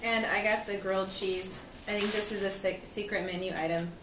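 A woman's voice: medium pitch, steady tone, a little fast. A woman vlogging, talking casually over a meal in a chatty way and laughing easily. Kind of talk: casual mukbang chat. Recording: distant echoey recording with faint noise.

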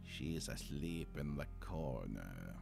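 A man doing a deep, mocking villain. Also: big pitch swings, creaky, music in the background, heavily acted. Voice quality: very deep, low murmur. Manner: slow, mocking, cooing. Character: gloating deep-voiced male villain, sly and mocking.

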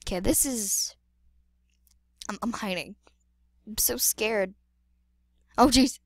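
A woman's voice: mid-range voice, slow pace, no echo, studio quality. A woman giving playful, dramatic gameplay commentary, exclaiming and repeating words. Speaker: gamer.

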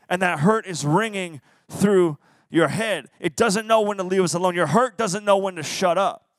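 A young man preaches to a youth group with a high voice. The sound is dry and close to the mic. He keeps it playful and acts out quotes as he goes. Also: fairly bright tone, no echo. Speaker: youth pastor. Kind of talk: youth sermon. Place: church youth service.

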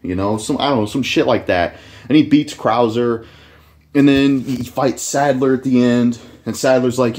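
A man's voice: mid-range voice, normal speed, a little mellow. A man rambling casually about a video game idea, cursing often, trailing off and poking fun at himself. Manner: rambling, profane, self-deprecating, with many fillers. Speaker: gaming youtuber.

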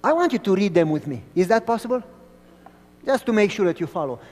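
A man preaching a sermon who tells stories in an animated way and asks the audience questions. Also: sits high, quick pace, in a large hall.

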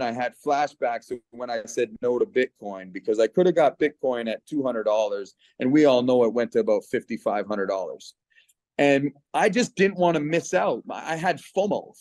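A man's voice: medium pitch, darkish tone, no echo. A middle-aged man from Canada giving an earnest, persuasive personal testimonial on a video call. His voice catches with emotion as he speaks.

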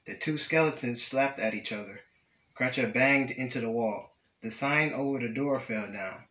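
A young male student reading a children's picture book aloud at a steady, careful pace. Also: mid-range voice, a little slow, roomy sound, low-quality recording. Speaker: student storyteller.

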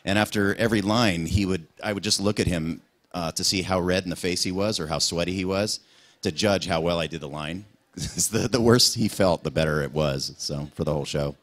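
A man's voice: low voice, fairly quick. A man answering fan questions as a guest voice actor at a convention panel, joking and self-deprecating and laughing often.

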